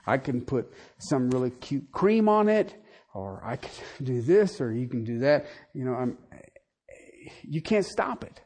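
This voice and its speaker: A man preaching to his congregation in an animated, joking way. His voice swings between loud bursts and quiet, lowered prayer. He sits at an average pitch for a man. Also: unhurried. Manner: animated preaching with jokes and sudden drops to soft prayer. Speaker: pastor. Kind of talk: sermon.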